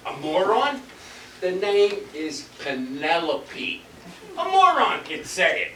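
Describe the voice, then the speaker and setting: A man playing a loud bullying producer. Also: high voice, wildly swooping pitch, slow pace, heavily acted. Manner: gruff, loud and insulting. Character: brash bullying male theatre producer. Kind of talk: amateur stage comedy acting. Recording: echoey stage from a distant mic, faint hiss.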